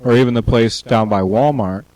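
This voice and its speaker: A man chipping in quick jokes and questions as a podcast co-host. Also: medium pitch, a little mellow, no room sound. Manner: quick joking interjections. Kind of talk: casual chat.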